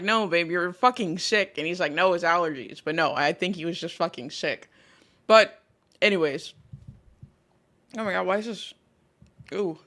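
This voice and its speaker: A woman's voice: medium pitch, sharp tone. A woman VTuber host chatting casually with her live chat, talking through a sore throat as she comes down sick, swearing freely as she greets viewers. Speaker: VTuber streamer.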